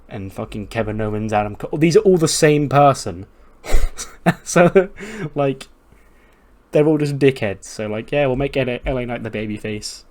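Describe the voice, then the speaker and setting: A man giving loose, casual game narration at a middling pitch. He swears freely and chuckles between calls. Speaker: gaming YouTuber. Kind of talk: casual let's-play narration.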